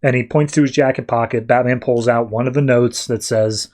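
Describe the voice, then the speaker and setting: A man's voice: mid-range voice, fairly even intonation, fairly quick, darkish tone. Chatty man recapping comics. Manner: chatty, loose storytelling. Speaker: podcast host.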